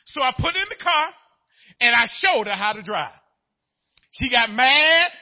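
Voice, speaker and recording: A pastor preaches in a very high, lively voice, his pitch swinging widely as he slips from a folksy family story into shouted preaching. The recording sounds dull and lo-fi. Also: unhurried, pauses often. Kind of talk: sermon.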